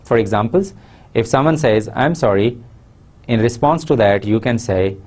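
A man with a Pakistani accent giving a recorded university lecture, measured and explanatory, stressing key words. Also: medium pitch, expressive, darkish tone.

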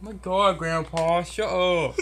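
A man's voice: high-pitched, steady tone, measured pace, fairly bright tone, a little hiss or hum. A man in online game voice chat, talking in an annoyed, complaining way. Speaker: fellow gamer playing the grandson. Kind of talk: voice chat banter.

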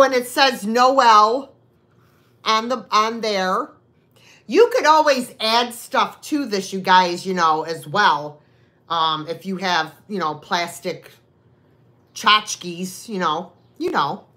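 A woman hosts a live online sale in a slow, unhurried way, her bright voice rising and falling a lot. She chats casually with buyers and makes rambling, self-deprecating asides. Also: medium pitch, lively intonation. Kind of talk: casual live-stream selling chat.

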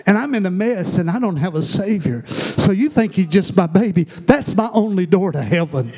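A male preacher voicing an aging mother who is troubled and humble, confessing plainly in rough everyday speech as part of a sermon. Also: high voice, animated, normal speed, a little mellow, in a large hall, voice pushed down. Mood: weary. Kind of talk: sermon role-play.

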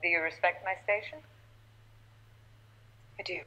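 An actress playing a solemn female warrior leader in a series, calm, grave and commanding. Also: fairly low pitch, a little slow, highs cut off.

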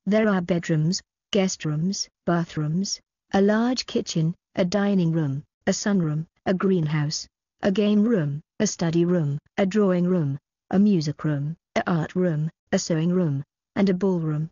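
A woman narrating an audiobook in a steady, even reading voice. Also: lowish voice, measured pace, husky, dry recording, highs cut off.

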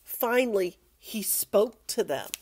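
An older woman reading a children's picture book aloud in a slow, playful, expressive way. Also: medium pitch, husky.

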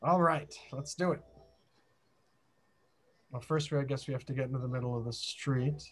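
Host on a video call, playful and chatty, keeps tossing questions to the group, mid-pitched voice. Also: normal speed. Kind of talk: casual group chat.

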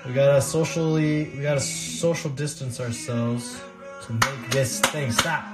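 A man hosting a casual cooking livestream from his kitchen, talking in a relaxed, rambling way and repeating himself as he chats to viewers. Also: medium pitch, measured pace. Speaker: livestream host. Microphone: phone livestream. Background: music playing.

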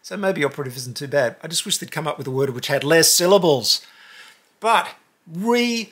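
A man hosting a casual unboxing video, talking in an animated way with exaggerated cheers and bursts of mock outrage. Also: a little high, brisk, breathy edge. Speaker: host.

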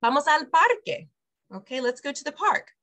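Bright-voiced woman teaching Spanish. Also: high voice, sing-song, moderate pace. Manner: explains step by step, repeats phrases after the teacher. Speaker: preschool director teaching Spanish to parents. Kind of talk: online Spanish lesson for parents. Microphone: video call.

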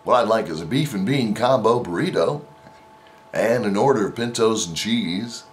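A man's voice: fairly low pitch, animated, a little hiss or hum, pitched above the performer's own voice, close to an everyday voice. A man putting on a showy radio-announcer voice while ordering food at a drive-through speaker. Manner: slow, drawn-out, overly formal delivery.

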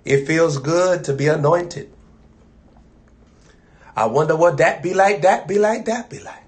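An American man preaching a sermon, chanting and repeating phrases, swinging from loud to soft. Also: fairly high pitch, unhurried, pauses often.

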